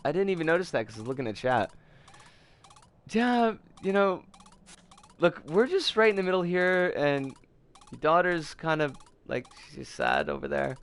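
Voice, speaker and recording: Lively man bantering with friends. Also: on the high side, normal speed, vocal fry, clear, resonant tone. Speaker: streamer voicing game dialogue with friends. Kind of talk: casual group chat over a game.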